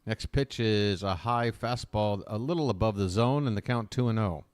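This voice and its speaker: A man calls live baseball play-by-play with a smooth, resonant, somewhat low voice. He talks in a chatty way and works in opinionated asides between pitches. The sound is dry and close, with no room echo. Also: normal speed. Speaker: fan play-by-play commentator.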